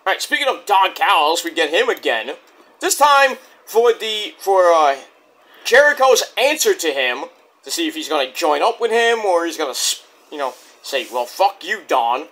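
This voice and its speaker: High, animated man recapping a show. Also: normal speed. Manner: loose, profane play-by-play retelling; rambling with frequent restarts. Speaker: wrestling show reviewer. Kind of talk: casual recap review.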